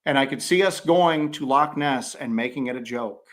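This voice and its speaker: Male co-host, casual livestream chat, joking and animated, mid-range voice. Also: medium pitch, moderate pace. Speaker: co-host of paranormal podcast.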